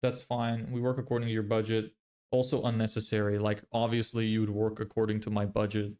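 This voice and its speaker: A man's voice: lowish voice, monotone, fairly quick, a little mellow. A man livestreaming his screen, muttering blunt critiques of websites in a casual, neutral-sounding accent. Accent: neutral, often heard as American. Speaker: business vlogger.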